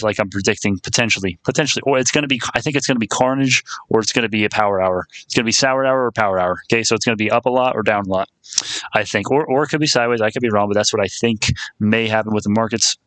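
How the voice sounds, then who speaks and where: A man's voice: fairly low pitch, fairly even intonation, fast, fairly bright tone, no echo. A young man chatting casually on a live stream about stocks, rambling, restarting his phrases and calling viewers "my friend".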